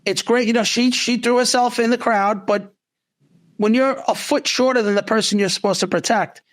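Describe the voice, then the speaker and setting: A man's voice: extremely high pitch, steady tone, moderate pace, a bit bright, no echo. A man who used to be a police officer, co-hosting a casual talk show and talking in restarts and asides. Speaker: podcast co-host, former police officer. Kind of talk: casual discussion.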